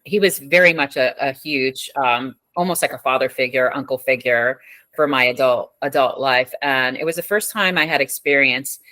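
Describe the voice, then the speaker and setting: Bright, reflective woman host. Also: rumbling low, dry recording. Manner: reflective, thoughtful, pauses with fillers. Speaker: podcast host. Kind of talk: reflective interview talk.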